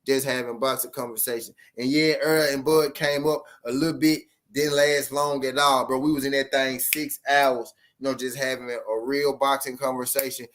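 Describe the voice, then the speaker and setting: A man's voice: mid-range voice, flat delivery, normal speed, hardly any pauses, a bit bright. A man hosting a boxing channel, ranting to his live-stream viewers in blunt, profane street slang full of repeated phrases. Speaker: boxing commentary channel host.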